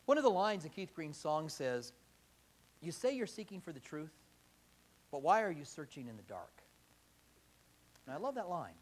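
Male pastor, high animated voice, impassioned sermon delivery in church. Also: normal speed, pauses often. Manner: impassioned, rising to emphatic exhortation.

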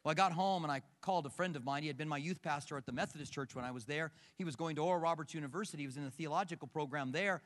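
A middle-aged man preaches to a big congregation, telling stories and asking questions of the room. His voice sits high and sounds sharp and forceful. It carries through a large auditorium with a long ringing echo. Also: very fast, hardly any pauses. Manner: animated storyteller who questions the congregation. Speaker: pastor. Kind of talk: sermon with personal stories. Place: large church auditorium with balconies. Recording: echoey hall from a distance.

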